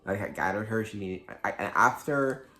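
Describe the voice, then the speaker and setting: Male book vlogger, slightly low voice, loose chatty delivery with constant fillers and self-corrections. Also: normal speed, bright, forceful tone. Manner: rambling, heavy use of "like", frequent restarts. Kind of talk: casual book review vlog.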